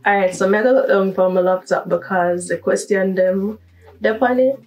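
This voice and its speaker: A woman's voice: medium pitch, steady tone, moderate pace, darkish tone, distant mic, rough recording. A young woman with a Jamaican accent, chatting upbeat in a casual accent-tag vlog. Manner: chatty and upbeat, switching into patois. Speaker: vlogger.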